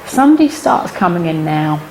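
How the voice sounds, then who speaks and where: A middle-aged woman teaching a workshop, telling a personal anecdote to the group with lots of laughter and sudden high-pitched punchlines. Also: brisk, a little hiss or hum. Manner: lively, laughing storyteller who jumps high in pitch at punchlines. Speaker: animal communication workshop teacher. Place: workshop room with a small audience.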